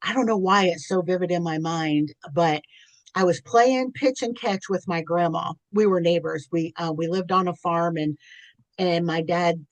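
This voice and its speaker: Middle-aged female guest; earnest, rambling storyteller with a low-set voice. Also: normal speed, no room sound. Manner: earnest and chatty, with frequent restarts. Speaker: podcast guest. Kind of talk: candid personal storytelling.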